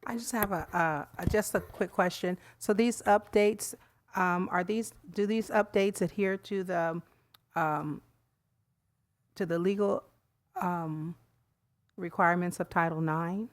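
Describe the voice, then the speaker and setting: A woman with a somewhat low voice asks a quick question at a school board meeting. She stumbles over and repeats words, and her voice sounds close and dry. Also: dry recording. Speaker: board member. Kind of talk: asking a question at a public meeting.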